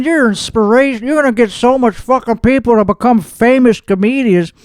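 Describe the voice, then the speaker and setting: A man's voice: very high-pitched, a little fast, few pauses, clear, resonant tone, dry recording. A man hosting a comedic reaction podcast, mocking and swearing, exasperated and sarcastic. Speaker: podcast host reacting to a clip.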